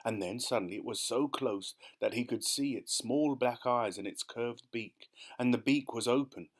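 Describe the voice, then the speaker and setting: A man's voice: medium pitch, normal speed. A man reading a children's audiobook as narrator, telling the story steadily and expressively. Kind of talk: scripted narration.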